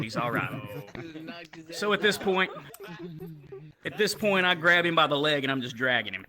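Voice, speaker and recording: A man doing stand-up comedy on a club stage, telling a profane story and acting out the people in it. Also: on the high side. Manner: profane, animated, acts out characters. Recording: loud crowd noise. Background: audience laughter.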